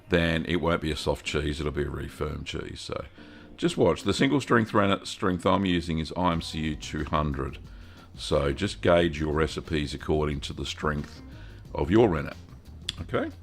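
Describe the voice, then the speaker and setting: A relaxed Australian man hosts a live question-and-answer stream, ambling through his answers in a deep, gravelly voice. He greets viewers by name in a folksy way. Faint music plays under him. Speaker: host of a cheese-making livestream.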